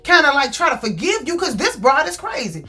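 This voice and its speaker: A woman's voice: high-pitched, sing-song, fairly quick, pushed and bright, pitched above the performer's own voice, exaggerated voice. A woman voicing a hurt, fed-up young woman who speaks in an exasperated, emphatic way.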